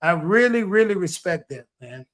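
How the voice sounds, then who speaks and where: A man's voice: sits high, lively intonation, moderate pace, a bit bright. A man co-hosting a casual podcast chat as a former wrestler, boastful and teasing as he talks over the others.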